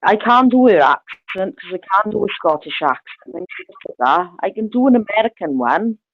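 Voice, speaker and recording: A woman's voice: medium pitch, expressive, moderate pace, dry recording, muffled recording. A woman chatting casually on speakerphone, blunt and swearing freely, laughing often. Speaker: caller on speakerphone. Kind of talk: casual phone chat. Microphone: phone on speakerphone.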